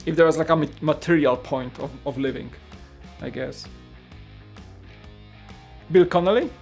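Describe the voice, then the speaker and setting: A man chats casually on a livestream, rambling and stopping to read out viewer comments. His voice sits a little high for a man. Soft guitar music plays faintly underneath. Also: normal speed. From Poland. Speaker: host.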